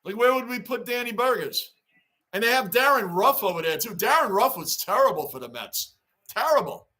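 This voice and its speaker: A man hosting a live sports reaction stream, rambling excitedly and reading fan chat aloud. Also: high-pitched, moderate pace. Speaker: livestream host.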